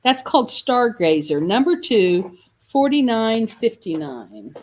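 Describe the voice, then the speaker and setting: A woman's voice: on the high side, sing-song, slow, darkish tone. A woman hosting a live sales video for quilt kits, chatty and enthusiastic, often correcting herself mid-sentence. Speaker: shop host selling quilt kits.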